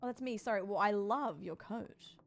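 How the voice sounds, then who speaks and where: A woman chats casually with viewers during a sponsored livestream, bubbly and playful as she talks to chat. Her voice is medium-pitched and creaky, at a moderate pace.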